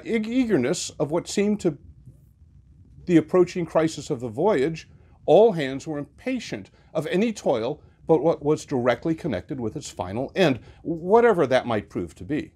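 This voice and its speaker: Expressive man reading a novel aloud. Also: a little high, slightly rough. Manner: expressive, varied delivery. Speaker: reader.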